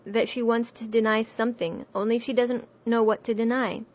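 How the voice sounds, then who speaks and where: A woman's voice: fairly high pitch, little pitch movement, normal speed, close to an everyday voice. Woman reading fretful muddled storybook queen, anxious and fussy, dull lo-fi sound.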